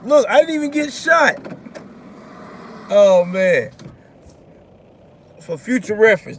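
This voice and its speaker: A man with a notably high voice talks straight at his audience from a car, blunt, profane and animated. Road and engine noise run clearly beneath his voice. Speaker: vlog host. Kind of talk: casual ranting commentary.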